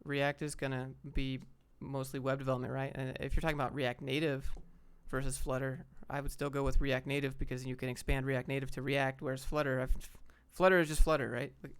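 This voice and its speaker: A man's voice: medium pitch, little pitch movement, brisk, few pauses, smooth. Blunt, offhand young man streaming. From Atlanta, Georgia, US. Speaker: streamer answering chat questions. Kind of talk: casual livestream Q&A.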